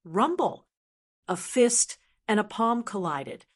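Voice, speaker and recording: A woman narrating a fantasy audiobook in a steady, even storytelling manner. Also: medium pitch, a little slow. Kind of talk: scripted narration.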